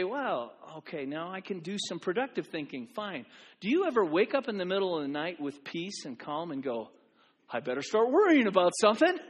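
A high-voiced man preaching in a church sanctuary. He is animated and repeats phrases for emphasis, slipping into other voices to act out quotes. The room carries a long, echoing reverb. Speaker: pastor. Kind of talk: sermon.

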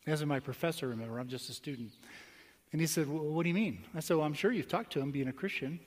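A male pastor telling a story in a conversational sermon, with quick asides and slow, emphatic phrases. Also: on the high side. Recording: long hall reverb.

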